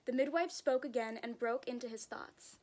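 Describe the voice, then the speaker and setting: A woman reading a children's picture book aloud, gentle and expressive. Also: on the high side, normal speed. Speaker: storybook reader.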